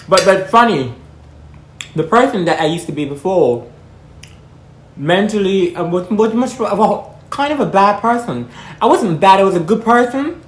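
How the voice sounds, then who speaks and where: A young trans woman from Jamaica, vlogging in a blunt, outspoken casual monologue, swearing freely and talking while eating. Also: on the low side. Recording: echoey room.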